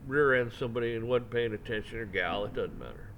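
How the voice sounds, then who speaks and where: A man's voice: medium pitch, quick pace, fairly bright tone, a little hiss or hum. Rambling man ranting his opinion. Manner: rambling, repeats and restarts words often. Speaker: commentary channel host. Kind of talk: casual opinion rant.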